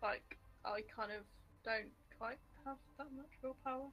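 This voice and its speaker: A woman's voice: on the high side, fairly even intonation, a little slow, dull audio. A woman co-hosting a livestream, chatting casually and bantering with easy laughter. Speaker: livestream co-host. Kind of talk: casual chat.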